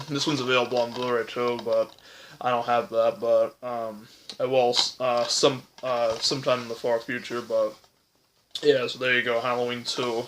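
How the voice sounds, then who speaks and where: A man's voice: mid-range voice, a bit bright, slight background noise. A young man casually ranking horror films, rambling with lots of fillers and self-corrections, voice cracking from hiccups. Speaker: movie reviewer.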